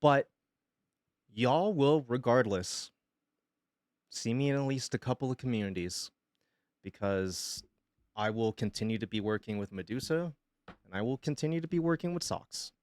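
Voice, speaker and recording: A male streamer, sick with pneumonia, making an emotional announcement in a halting, hesitant way and holding back tears. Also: medium pitch, lively intonation, darkish tone, dry recording, clean studio sound.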